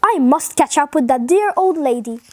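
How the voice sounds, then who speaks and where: A woman's voice: high voice, expressive, moderate pace, dry recording, studio quality. A woman voicing a polite, anxious, muddled little man in a storybook. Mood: earnest.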